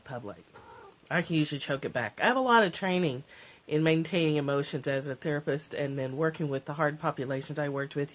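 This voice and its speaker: A woman hosting a casual livestream from her phone, emotional and choked up, gushing and laughing, often clearing her throat. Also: low-pitched. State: teary, choked up. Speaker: livestream host, former therapist.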